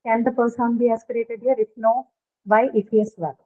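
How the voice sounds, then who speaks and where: Woman, phonetics teacher, higher voice, tinny phone-like line, explains and quizzes. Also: flat delivery, moderate pace. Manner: explains step by step, asks students questions. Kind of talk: online class lecture. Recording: tinny phone-like call audio.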